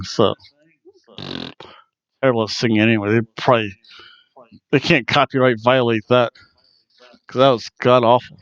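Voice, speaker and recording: A man's voice: mid-range voice, fairly even intonation, normal speed, long pauses, smooth, dry recording, lo-fi sound. A man hosting a wrestling review podcast, chatting casually in a rambling, self-deprecating way. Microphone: headphones on, desk mic.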